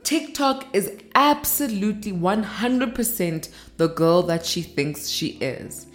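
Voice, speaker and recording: An upbeat woman in her thirties hosts her own podcast and talks to listeners in a chatty, casual way. Her voice sits a little low for a woman. Soft music plays faintly behind her. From South Africa. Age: 30s. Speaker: podcast host.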